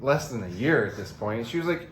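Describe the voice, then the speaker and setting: A man's voice: mid-range voice, lively intonation, fairly quick, reverberant, slight background noise. Laid-back swearing man on a podcast. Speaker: podcast co-host. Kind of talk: casual chat.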